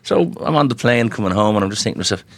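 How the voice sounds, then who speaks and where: This middle-aged Irish comedian, a guest in a casual chat, tells rambling anecdotes full of restarts and "you know." His mid-range voice is expressive, creaky and rapid-fire, recorded with no echo.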